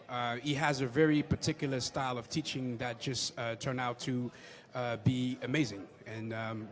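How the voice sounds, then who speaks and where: French-accented man, halting filmmaker. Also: medium pitch. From France. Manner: hesitant, many fillers. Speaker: filmmaker guest. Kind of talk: casual interview.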